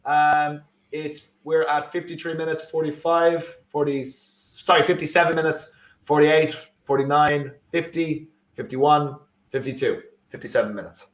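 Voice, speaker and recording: Co-hosting a live football watchalong, this young Irish man speaks with a slightly high voice, fairly even intonation and a measured pace. His casual talk wanders, packed with fillers and frequent restarts.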